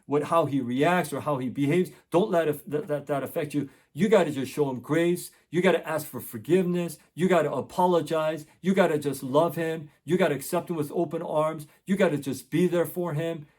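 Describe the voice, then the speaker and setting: This middle-aged man, a tutor and education channel host, recounts a story casually on his own and earnestly says his points again for emphasis. The voice is a little high and a little mellow, at normal speed with few pauses.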